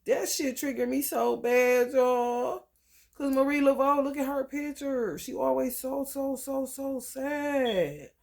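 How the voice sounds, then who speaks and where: An astrology vlogger talks at an unhurried pace, reading star-sign passages aloud. The pitch sits in a middle register. Between passages come slangy, profane asides. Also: vocal fry, a little mellow. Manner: slangy, swears freely, reads book passages aloud with side comments. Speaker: astrology channel host.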